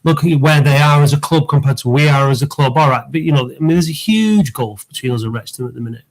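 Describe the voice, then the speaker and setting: A man's voice: mid-range voice, fast, low-quality recording. A man co-hosting a football fan phone-in, pressing his points emphatically. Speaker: co-host.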